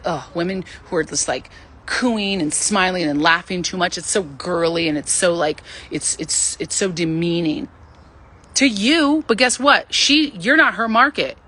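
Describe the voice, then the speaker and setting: A woman in her thirties hosting a livestream, giving casual, animated dating advice and acting out the voices she quotes. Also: mid-range voice, slight background noise. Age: 30s.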